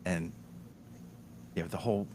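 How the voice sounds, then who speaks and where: With a low voice and a slightly slow delivery, this Delaware man hosts a podcast, and there is slight background noise. He tells stories animatedly in relaxed conversation, laughing frequently and restarting often.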